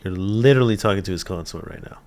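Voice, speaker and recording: A man's voice: deep voice, fast talker, a little mellow. A man reacting to a TV episode, talking at the screen, swearing and laughing. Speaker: reaction video host. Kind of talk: casual TV reaction commentary.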